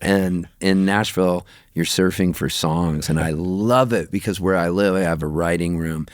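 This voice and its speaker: A man from Southern California, a touring musician, telling animated stories on a radio show and acting out his friends' voices. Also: low-pitched, moderate pace, no echo, studio quality. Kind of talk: casual storytelling chat. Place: radio studio.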